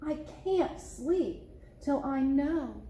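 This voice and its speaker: A woman's voice: high voice, expressive, very slow, dark tone, voice pushed up, heavily acted. A woman voicing a frightened little male bear cub who whimpers anxiously, recorded in an echoey room.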